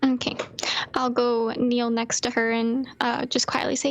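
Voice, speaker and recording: A woman player in a tabletop role-play, speaking softly and hesitantly with frequent ums and restarts. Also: fairly high pitch, level tone, unhurried.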